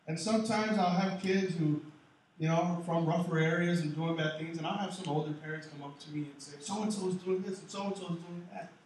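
A man preaching a sermon as pastor, animated, swinging between loud and soft. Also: high voice, a little hiss or hum. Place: large church hall. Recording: echoey hall, mic far off.

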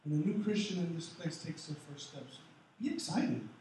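A man preaching a sermon as pastor, animated, swinging between loud and soft. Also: a little high, moderate pace, slight background noise. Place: large church hall. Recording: echoey hall, mic far off.

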